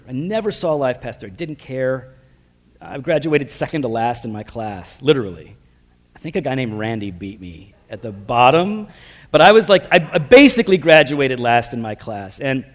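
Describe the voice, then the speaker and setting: A man preaching his personal testimony in a casual, self-deprecating storytelling way, full of slang fillers. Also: fairly high pitch. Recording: long reverb of a large hall.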